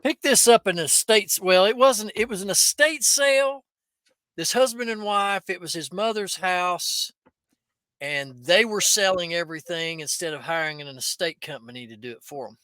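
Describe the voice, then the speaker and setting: An upbeat man hosts a casual podcast and steers it from segment to segment. His voice is high and bright. The sound is dry. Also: normal speed, smooth, no echo. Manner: upbeat, steers the show along. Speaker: podcast host.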